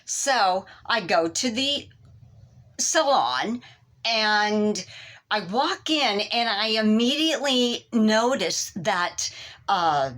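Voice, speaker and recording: A woman performing a comedy sketch monologue, telling a story with animated, exaggerated exclamations. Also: medium pitch. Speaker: comic storyteller.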